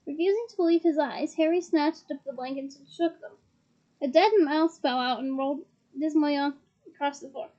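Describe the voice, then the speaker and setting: A woman's voice: high voice, normal speed, mellow, muffled recording. A woman reading a fantasy novel aloud, narrating steadily and with expression. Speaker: reader.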